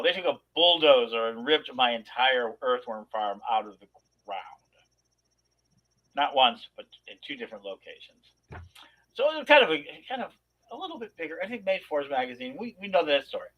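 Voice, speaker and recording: A man chatting casually on a talk show, spinning an animated personal story full of restarts and asides. His voice sits at an ordinary pitch. The recording is dull and lo-fi. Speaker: podcast co-host.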